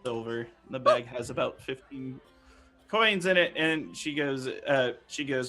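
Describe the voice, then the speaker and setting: A man narrating as game master of a tabletop game, unhurried, with many fillers. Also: medium pitch, a bit bright, soft background music.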